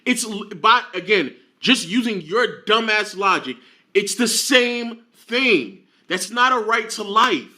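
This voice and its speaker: A man arguing heatedly in a forceful, profane way and repeating his points. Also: high-pitched, expressive, takes it slowly. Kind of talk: heated argument.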